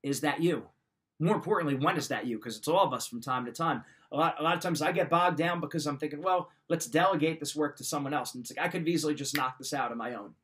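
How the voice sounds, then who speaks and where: A man's voice: a little high, quick pace, fairly bright tone. A man hosting a show, giving motivational advice in an emphatic, direct way and repeating his points. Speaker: podcast host. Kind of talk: motivational talk.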